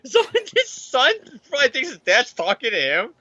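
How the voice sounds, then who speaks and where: A man's voice: very high voice, wildly swooping pitch, a little slow, bright, forceful tone, no room sound. A man hosting a casual comic book recap show, rambling, laughing often and acting out characters. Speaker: podcast host.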